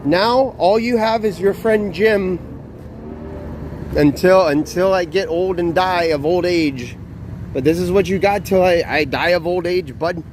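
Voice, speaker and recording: A man's voice: high voice, measured pace, a little mellow, slight background noise. A young man live streaming outdoors, ranting in a profane, exasperated, repetitive way. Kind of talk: casual live stream talk.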